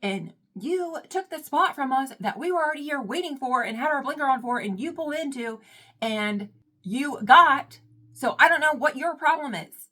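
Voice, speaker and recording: Woman playing angry young woman in a parking lot, loud, defensive, talking back. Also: a little high, very animated, moderate pace, few pauses. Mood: defensive, irritated.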